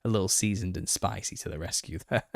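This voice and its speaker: Man, host, live Q&A, opinionated, low-pitched, dry recording. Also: brisk, vocal fry, no room sound. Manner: opinionated, gets worked up and laughs. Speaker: channel host. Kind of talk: live Q&A monologue.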